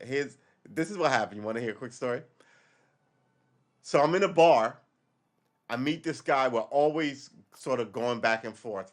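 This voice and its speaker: A man in his forties telling a rambling story on his livestream, swearing and losing his train of thought. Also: medium pitch. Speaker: livestream host. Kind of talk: casual storytelling monologue.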